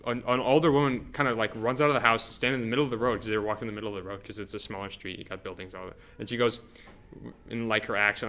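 A man's voice: fairly low pitch, sharp tone, slight background noise. A man co-hosting a podcast, telling eerie stories in a rambling, casual way and laughing easily. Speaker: podcast co-host. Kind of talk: casual storytelling chat.

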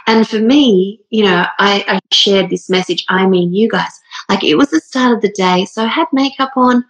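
A woman in her thirties, her medium-pitched voice fairly bright, speaks at a moderate pace on a rough recording. She's telling a personal story in an earnest, rambling, casual way, using plenty of fillers. It's an emotional, heartfelt monologue, and she seems close to crying.

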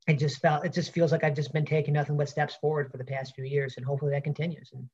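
A man's voice: a little high, little pitch movement, fast, darkish tone, slightly rough, lo-fi sound. A man with a Brooklyn accent, a pro wrestler answering interview questions in a rambling way with many fillers and restarts.

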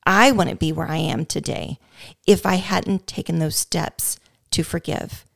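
Woman, lowish gravelly voice, dry close sound, reflective co-host. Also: fairly even intonation, measured pace, no room sound. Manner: reflective, soft affirmations. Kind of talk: faith talk, personal testimony.

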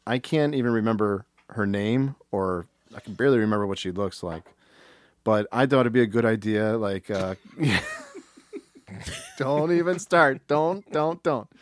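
A man's voice: on the low side, no room sound, studio quality. A man in his thirties, a podcast co-host telling a story in casual chat, rambling, profane and self-mocking.

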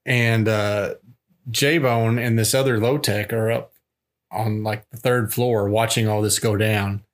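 A man's voice: on the low side, steady tone, slow. A man co-hosting a casual movie review podcast, laughing often and quoting scenes with gusto. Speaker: podcast co-host.

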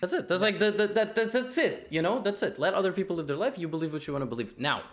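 A man, a guest in a casual chat, rambling and repeating himself in quick bursts. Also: sits high, lively intonation. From United States.

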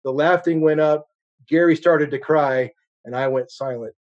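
A man's voice: a little high, moderate pace, darkish tone, highs cut off. A middle-aged man preaching a sermon as a guest speaker, telling a personal story earnestly and with shifting intensity. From United States.

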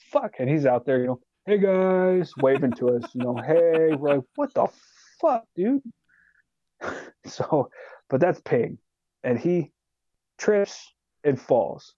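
A man telling a profane, animated war story as a podcast guest. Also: medium pitch, no room sound, muffled recording. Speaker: podcast guest, retired soldier. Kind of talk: casual storytelling.

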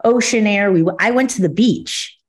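A woman's voice: mid-range voice, normal speed. A woman from New Jersey co-hosting a podcast, chatting in an upbeat way. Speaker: podcast co-host. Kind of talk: casual chat.

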